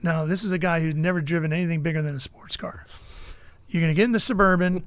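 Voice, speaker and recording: A middle-aged motorsports broadcaster from California swaps stories in a casual chat, an animated storyteller who acts out the people he quotes. He talks fast in a smooth, slightly high voice, with no echo.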